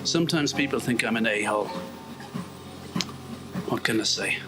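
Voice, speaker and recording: An Irish video blogger muses while working out indoors on a treadmill, rambling and self-mocking and often murmuring asides under his breath, with calm instrumental music behind him. His voice is on the low side at normal speed, and the audio is poor.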